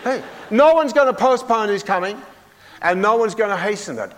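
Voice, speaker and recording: A man's voice: high-pitched, expressive, moderate pace, fairly bright tone, long reverb tail. An older man preaching a sermon in a folksy, humorous way, often putting questions to the congregation.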